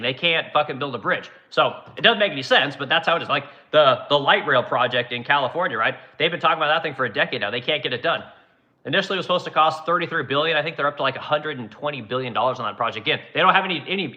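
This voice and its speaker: A man's voice: a little high, pushed and bright, muffled recording. A man from Oregon hosting his own channel, giving an exasperated, profane, sarcastic rant. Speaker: channel host. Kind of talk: profane ranting commentary.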